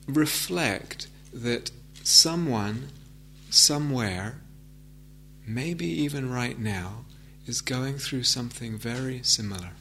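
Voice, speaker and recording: A man giving a meditation talk, gentle and reflective, with frequent hesitant restarts. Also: mid-range voice, creaky, a little hiss or hum. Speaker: meditation teacher. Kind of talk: dharma talk. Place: meditation hall with audience.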